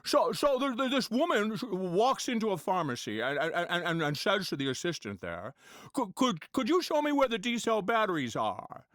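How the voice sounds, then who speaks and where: A man's voice: high voice, sing-song, moderate pace, a bit bright, no room sound, studio quality, voice pushed up. A man doing an impression of a folksy older male movie star who stutters and repeats words while telling a joke. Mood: amused. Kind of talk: comedy impression sketch.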